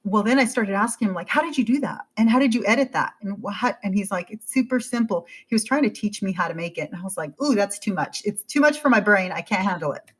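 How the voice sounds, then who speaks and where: A woman in her forties, a podcast guest, telling her story in a casual, animated way and acting out her own thoughts. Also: medium pitch, fast talker, hardly any pauses, breathy edge. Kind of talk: casual interview chat.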